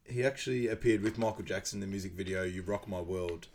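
Male podcast co-host, lowish voice, chatty movie recap, laughs a lot. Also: fast. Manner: laughs often, acts out quoted lines loudly. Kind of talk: casual movie recap chat.

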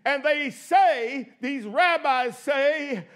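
A man preaching a sermon as pastor, emphatic, swinging between shouted praise and quiet asides. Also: very high voice, animated, slow, few pauses.

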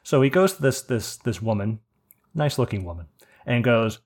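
A man's voice: mid-range voice, expressive, normal speed, breathy edge. A man, co-hosting a casual podcast, telling stories animatedly and swearing a lot as he gets worked up. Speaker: podcast co-host.

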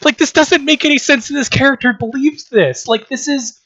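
Rambling sweary co-host, bright forceful tone, dry dull lo-fi sound. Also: high-pitched, normal speed, dry recording. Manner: rambling, swears freely, exasperated critique. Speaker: podcast co-host. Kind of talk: casual chat.

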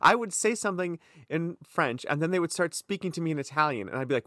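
A man's voice: a little high, quick pace, few pauses, no echo, clean studio sound. A man co-hosting a podcast, chatting casually and joking at his own expense. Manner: animated, jokey, self-mocking. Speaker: podcast co-host. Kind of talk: casual chat.

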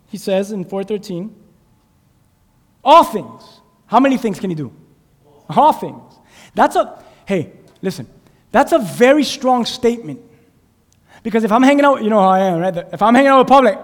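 A male preacher with a strikingly high voice teaches a sermon, tossing questions to the congregation and drawing their answers. His voice swells from quiet explanation to shouted emphasis. The sound carries a long reverb from the church hall. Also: big pitch swings, moderate pace. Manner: call-and-response preaching, asks the congregation questions, builds to shouting. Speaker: pastor. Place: church sanctuary.

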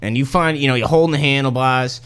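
A man running a comedic tabletop role-play as game master, telling the scene in a casual, profane, animated way. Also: mid-range voice, fast talker, clear, resonant tone.

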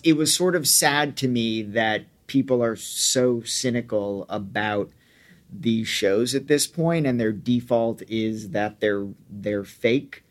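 A man hosting a podcast, reflecting frankly on a past show in a conversational way. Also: medium pitch. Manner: reflective, frank, occasional swearing. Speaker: podcast host. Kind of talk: conversational commentary.

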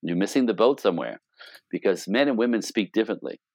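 A man's voice: fairly low pitch, expressive, quick pace, a little mellow, no room sound, studio quality. A middle-aged man coaching on relationships in casual talk, acting out quoted dialogue with playful exaggeration and swearing freely.

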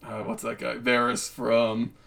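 A man co-hosting a casual TV recap podcast, relaxed, laughing often and using many fillers. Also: medium pitch, a little slow, creaky. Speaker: podcast co-host. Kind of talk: casual chat.

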